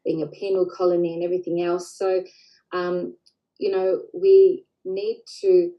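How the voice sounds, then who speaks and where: A woman leading a group in a slow, gentle healing prayer, pausing often with fillers. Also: lowish voice, flat delivery, muffled recording. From Australia. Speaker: spiritual group leader.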